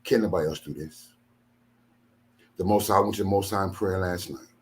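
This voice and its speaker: Older man, low voice, aggrieved, emphatic, tired, venting monologue. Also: brisk. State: tired after a sleepless night. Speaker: ministry leader. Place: home studio.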